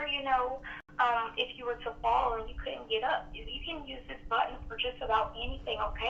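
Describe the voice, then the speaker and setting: A woman working as a phone sales agent, giving an effusive, flattering sales pitch. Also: creaky, distant mic. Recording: tinny phone line with faint noise.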